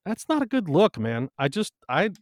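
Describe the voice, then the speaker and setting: A man's voice: high voice, big pitch swings, normal speed, no room sound, clean studio sound. A man co-hosting a podcast in casual chat, emphatic and swearing freely. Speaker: podcast co-host.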